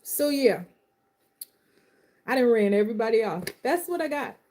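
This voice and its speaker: Woman doing a live reading, mellow warm voice kinda high, comforting then all fired up, southern slang. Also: animated, normal speed. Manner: impassioned, swings from soft comfort to fired-up outbursts; uses Southern vernacular. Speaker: live tarot reader. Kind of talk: live-stream reading and pep talk.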